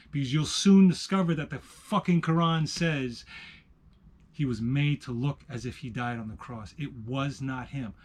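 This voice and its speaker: A man with a New York accent telling stories in casual chat, profane and emphatic, swinging from loud bursts to hushed asides. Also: on the high side.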